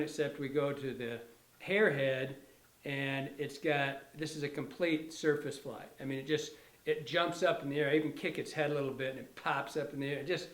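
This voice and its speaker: A man's voice: fairly high pitch, roomy sound. Rambling man demonstrating fly tying. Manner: rambling, self-correcting, enthusiastic. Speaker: fly tier, instructor. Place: fly shop tying bench.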